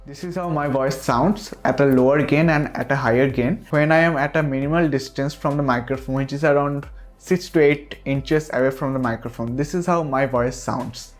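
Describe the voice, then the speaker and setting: A man's voice: medium pitch, normal speed. A man giving a product review of a microphone, talking earnestly and reassuring the listener again and again, recorded on a USB desk mic. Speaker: tech reviewer.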